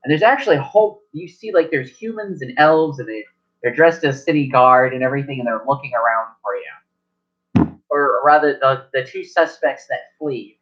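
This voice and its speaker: Guy running a tabletop game, rambly, keeps correcting himself, dull lo-fi sound. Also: medium pitch. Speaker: game master. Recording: lo-fi recording.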